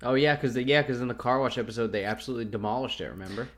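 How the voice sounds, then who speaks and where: A man's voice: mid-range voice, rapid-fire. Laughing, profane man on a podcast. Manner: laughs often, swears freely, animated. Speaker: podcast co-host. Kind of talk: casual chat recapping a TV episode.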